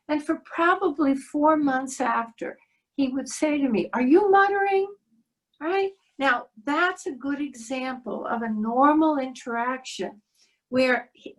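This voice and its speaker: A woman's voice: a little high, rough recording. Woman speaker telling a story on a webinar. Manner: storytelling, warm and reflective. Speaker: child development speaker. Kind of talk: webinar talk. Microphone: video call.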